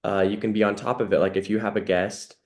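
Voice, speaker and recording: A man's voice: fairly low pitch, level tone, fast, a little mellow. A man hosting a podcast, talking in an earnest, reflective way with many "you know" fillers. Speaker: podcast host. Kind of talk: casual conversational interview.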